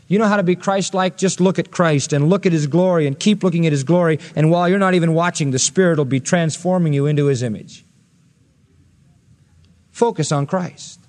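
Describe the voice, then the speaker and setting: A man's voice: on the high side, normal speed, a little mellow, long reverb tail. A male pastor preaching an expository sermon, earnest and rising to emphatic peaks when quoting scripture.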